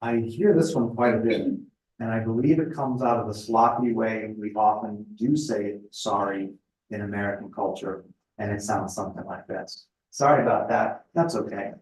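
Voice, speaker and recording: A middle-aged man speaking at a spiritual retreat in a conversational, thoughtful way, often pausing with fillers. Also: fairly low pitch, level tone, a little mellow. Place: retreat house meeting room. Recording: echoey room, voice picked up from a distance.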